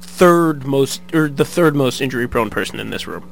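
A man's voice: medium pitch, animated, normal speed, creaky, very noisy. A young man co-hosting a radio show, dry and self-deprecating in his replies. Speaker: radio co-host. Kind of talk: casual radio banter. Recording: music loud in the background.

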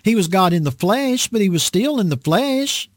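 A man's voice: high voice, big pitch swings, moderate pace, dry recording, clean studio sound. A man preaching a casual, conversational sermon, folksy and emphatic, often repeating his points.

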